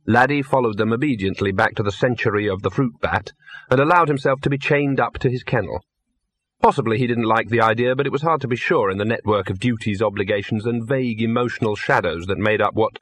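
A man reading a comic novel aloud as audiobook narrator, wry and measured. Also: on the low side, a bit bright. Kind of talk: scripted narration.

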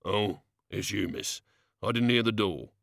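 Gruff, muttering doorman, put on by a male reader. Low and dry, rule-quoting. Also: a little slow, fairly bright tone, dry recording. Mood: grumbling. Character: grumpy working-class male bar doorman.

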